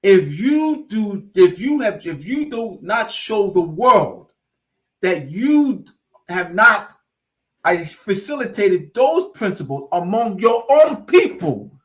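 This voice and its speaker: A man lectures with mounting fervor, hammering the same phrases over and over. His voice sits high for a man, and he slips into casual dialect as he preaches. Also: very animated, slow pace, fairly bright tone. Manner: preachy and repetitive, building in fervor; informal, drops into dialect. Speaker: host. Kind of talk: impassioned lecture.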